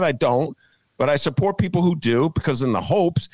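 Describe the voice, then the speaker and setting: A man hosting a comic talk podcast, rambling and excitable, often laughing at his own jokes. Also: fairly high pitch, normal speed, no echo. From Chicago. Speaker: podcast host. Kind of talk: casual comic talk show. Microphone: video call.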